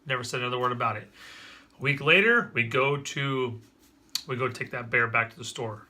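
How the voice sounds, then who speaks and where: A man's voice: medium pitch, fairly quick, bright, forceful tone. A man talking to the camera in a casual vlog about his parenting. He tells the story earnestly and with energy, and often restarts his sentences. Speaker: father vlogging about parenting.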